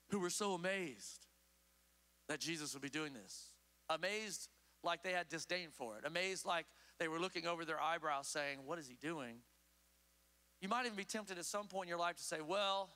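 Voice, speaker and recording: A man preaching a sermon as pastor, emphatic, swinging between loud urgent calls and low hushed asides. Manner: emphatic preaching with sweeping pitch swings and acted quotes. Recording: long hall reverb.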